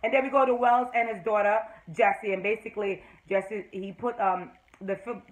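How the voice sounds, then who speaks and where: Jamaican woman, excitable TV fan reviewer, chatty rambling recap. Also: mid-range voice, normal speed, low-quality recording. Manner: excitable, rambling retelling with many fillers. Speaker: TV episode reviewer.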